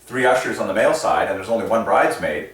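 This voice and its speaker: A man hosting a casual explanatory monologue in a playful, animated way, often chuckling at his own asides. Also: on the low side, fast talker, a little hiss or hum. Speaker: channel host presenting number patterns. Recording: echoey room, mic set at a distance.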